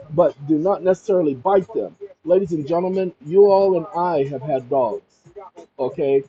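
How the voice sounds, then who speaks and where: A man with a high voice reads out a news story and breaks off to give his own take, stressing his points and turning to his viewers again and again. The recording sounds dull and lo-fi. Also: darkish tone. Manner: emphatic, addresses viewers directly. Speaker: commentary channel host. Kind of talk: reading news and reacting.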